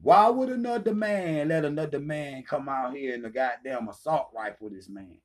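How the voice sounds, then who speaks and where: A man's voice: on the high side, moderate pace. A man hosting his own channel, delivering a heated, profane callout rant, taunting and swearing freely. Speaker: channel host. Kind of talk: profane ranting callout video.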